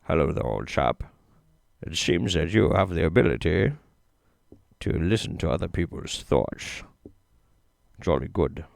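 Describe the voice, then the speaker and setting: A man imitating a suave older gentleman with a posh, drawling delivery. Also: low voice, expressive, creaky, no room sound, clean studio sound, voice pushed down, full character voice. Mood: smug. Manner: slow, mannered drawl.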